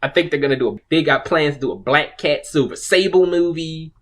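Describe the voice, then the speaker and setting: A man's voice: a little high, a little fast, a bit bright. Rambling, profane man ranting casually. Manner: rambling, profane, frequent restarts and laughs. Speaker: video host.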